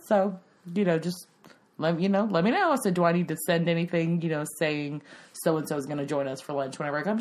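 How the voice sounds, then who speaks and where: A woman, chatting casually. Her voice runs low but swings up and down with lively animation, and she laughs through her stories and acts out the other voices in them. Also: brisk. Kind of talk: casual chat.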